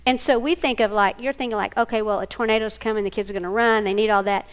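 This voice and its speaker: A woman's voice: mid-range voice, fast talker, clean tone. An older woman, a grandmother, presenting a live training workshop and quizzing her audience. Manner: animated, asks the audience questions.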